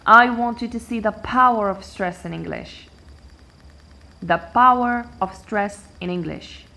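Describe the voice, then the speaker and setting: A woman teaching an English lesson, explaining slowly and patiently and repeating key words. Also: medium pitch, vocal fry, sharp tone. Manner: patient and repetitive, switching between English, Arabic and French. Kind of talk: language lesson explaining word stress.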